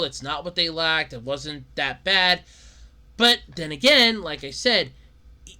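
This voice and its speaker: Bright-voiced rambling male podcaster. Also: high voice. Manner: rambling, repeats himself, stammering restarts. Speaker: podcast host. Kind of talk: casual solo podcast rant.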